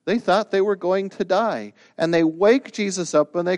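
Male pastor, sermon delivery, slightly high voice, dry close sound, animated storytelling. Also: normal speed, no echo. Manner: animated preaching, acting out quoted voices with big pitch jumps.

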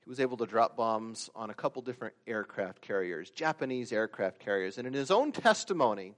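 A man preaching a sermon, swinging from loud emphatic peaks to quiet asides and acting out the stories he tells. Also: fairly low pitch, lively intonation, a little fast. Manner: acts out quoted voices and stories. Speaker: pastor.

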